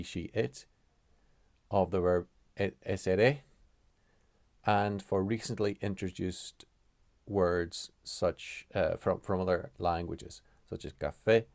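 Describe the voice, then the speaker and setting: A man teaching pronunciation in a deliberate, measured way, often pausing to correct himself. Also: lowish voice, darkish tone, dry recording, studio quality. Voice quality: halting, with frequent fillers and self-corrections. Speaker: language teacher. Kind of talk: explaining pronunciation rules.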